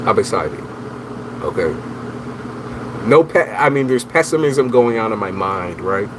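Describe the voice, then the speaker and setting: A man's voice: fairly low pitch, a little slow. A man giving casual tarot readings on a livestream, slangy and teasing, talking straight to his viewers. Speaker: tarot reader, livestream host. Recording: steady background noise.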